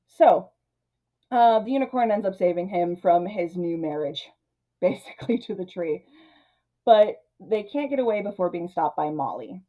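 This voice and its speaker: A woman hosting a casual film recap, chatty and animated, acting out the characters' lines in her own voice. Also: medium pitch, rough recording. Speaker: video essay host.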